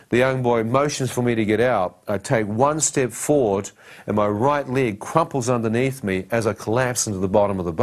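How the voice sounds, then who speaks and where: A man giving a personal testimony, telling his story dramatically and acting out the dialogue and his own thoughts. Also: mid-range voice.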